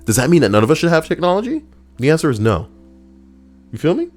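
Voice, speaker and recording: A man hosting a casual reaction stream, talking in a slangy, animated way and swearing freely. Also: a little high, quick pace, soft background music. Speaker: streamer host.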